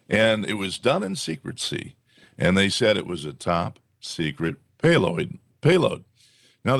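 Co-host, male, gravelly voice, big pitch swings, dry close sound. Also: no room sound. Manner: animated, mocking asides. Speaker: podcast co-host. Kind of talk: casual political chat.

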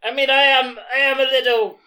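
A man playing a tabletop game in character, talking in a hesitant, halting way. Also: very high voice, little pitch movement, sharp tone. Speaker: player. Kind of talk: in-character tabletop role-play.

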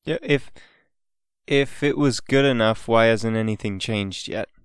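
A man's voice: medium pitch, a little slow, smooth, dry recording, studio quality. Man reasoning through rhetorical questions. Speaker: podcast co-host. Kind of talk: casual podcast conversation.

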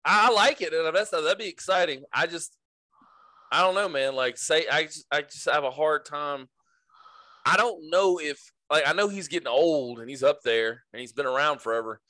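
A man's voice: a little high, moderate pace, pushed and bright. A man co-hosting a podcast in casual sports chat, rambling and hesitant, laughing often. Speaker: podcast co-host.

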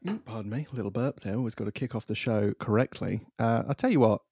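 A man's voice: lowish voice, quick pace, mellow, breathy edge, no echo, studio quality. A young man co-hosting a podcast in casual chat, joking and laughing often. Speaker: podcast co-host.

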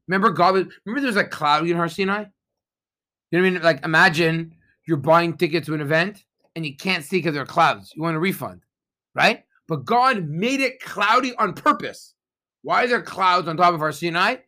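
A man, a rabbi, giving a sermon, telling stories and asking the congregation rhetorical questions, reading Hebrew verses aloud. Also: a little high. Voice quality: Hebrew phrases read with traditional pronunciation. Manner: animated storytelling with rhetorical questions.

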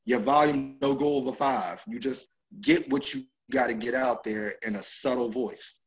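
Passionate, loud-talking man. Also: mid-range voice, normal speed, dull audio. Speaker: podcast co-host, speaker. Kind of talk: casual group chat.

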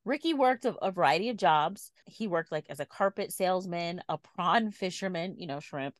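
A woman's voice: lowish voice, animated, normal speed, no echo. A woman co-hosting a podcast, telling a story in a chatty way and laughing easily. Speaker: podcast co-host. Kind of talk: casual chat, storytelling.

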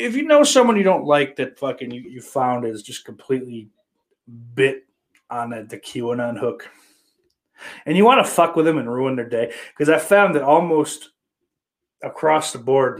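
Brief: male podcast host, lively pitch, foul-mouthed and sarcastic, loud one moment and muttering the next. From Irish heritage. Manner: profane, sarcastic, with big swings in loudness. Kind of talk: casual chat reading viewer comments.

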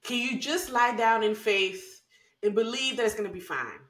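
A woman's voice: fairly high pitch, normal speed, roomy sound. A woman co-hosting a podcast in casual chat, telling stories with frequent laughter. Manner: laughs often, animated storytelling. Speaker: podcast co-host.

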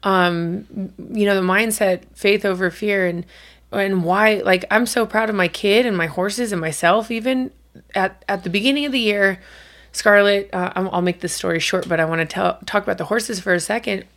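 Chatty woman with a gravelly voice. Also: medium pitch, moderate pace, a bit bright. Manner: chatty storyteller, swears casually. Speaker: podcast co-host. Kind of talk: casual chat.

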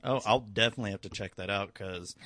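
Young man, low voice, loose rambling talker with fillers and swearing, dry close mic. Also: fast talker, fairly bright tone, no room sound. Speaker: conversation partner. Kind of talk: casual chat.

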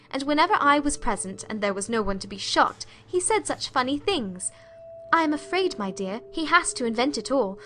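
A woman's voice: fairly high pitch, pushed and bright. A woman narrating a period story as a heartfelt letter, in an emotive, confiding reading. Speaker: audiobook narrator.

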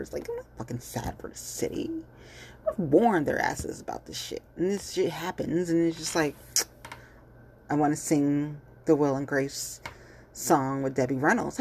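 A woman's voice: sits low, expressive, a little slow, gravelly, darkish tone, a little hiss or hum. A woman ranting bluntly and heatedly in casual commentary, cursing freely and repeating herself with lots of fillers. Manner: fillers and repetitions. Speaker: vlogger.

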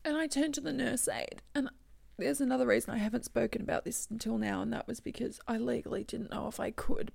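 A woman telling a painful personal story, halting and tearful, often dropping into whispers. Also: on the high side, fairly even intonation, vocal fry, darkish tone, no room sound. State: crying. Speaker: bereaved daughter telling her story. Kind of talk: emotional personal testimony.

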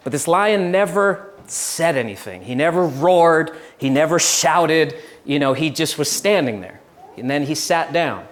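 A young man giving a relaxed, chatty sermon, telling stories with laughs and restarts. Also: on the high side, unhurried. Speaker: pastor. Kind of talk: casual sermon with storytelling.

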